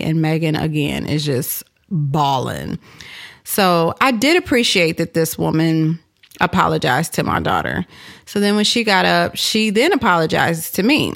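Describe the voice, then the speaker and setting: Woman in her thirties, low and gravelly, chatty storyteller full of fillers. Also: a little slow. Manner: animated, chatty, lots of "like" and "you know". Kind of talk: personal storytelling.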